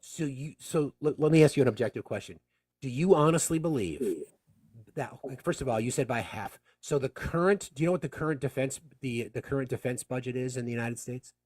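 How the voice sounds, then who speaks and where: A man's voice: mid-range voice, brisk, darkish tone, no room sound. Man, call-in show host, blunt, heated, emphatic, dry close sound. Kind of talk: live call-in political talk.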